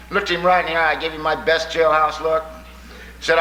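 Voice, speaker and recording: A plainspoken older man tells his story to a crowd with folksy, wry humor. His voice is bright and forceful, and it rings out through an echoey hall over a faint background hiss. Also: fairly high pitch, quick pace. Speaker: recovery speaker sharing his story. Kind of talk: storytelling talk to an audience. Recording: echoey room with faint noise.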